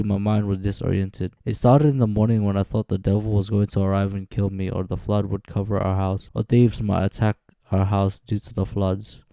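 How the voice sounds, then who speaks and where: Low gravelly young man narrating. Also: no room sound. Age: 20s. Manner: steady, plain reading of dates and events. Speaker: narrator of his own life story. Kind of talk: scripted personal narration.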